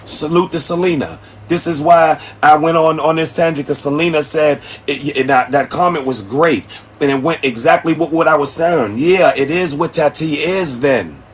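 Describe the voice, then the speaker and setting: High-voiced man ranting at his live chat. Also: normal speed, a little hiss or hum. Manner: blunt, preachy, addresses chat directly. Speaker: livestream host. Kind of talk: ranting livestream commentary. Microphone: streaming setup mic.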